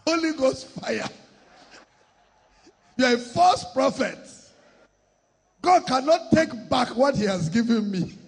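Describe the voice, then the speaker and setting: Man, preacher, very high voice, husky, shouting and chanting, long church reverb. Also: lively intonation, takes it slowly, pauses often. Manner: shouting and chanting in bursts, mocking impressions. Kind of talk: sermon.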